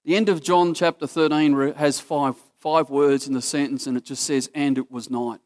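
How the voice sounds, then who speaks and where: A man's voice: a little high, fairly even intonation, moderate pace. A man with an Australian accent preaching a casual, story-driven sermon that acts out what people in the story say.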